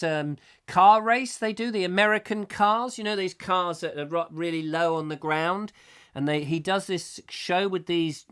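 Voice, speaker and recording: A middle-aged man hosts a live comic chat show, rambling cheerfully through viewer comments. His voice is bright and ringing, pitched a little higher than most men's, and it keeps swooping into silly put-on voices.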